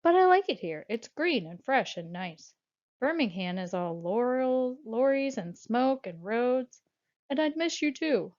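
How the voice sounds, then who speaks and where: A woman voicing a gentle, quiet male racing pigeon in a storybook, speaking in an earnest, soft way. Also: a little high, very animated, a little slow, pitched above the performer's own voice. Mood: earnest, tender. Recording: dull lo-fi audiobook recording.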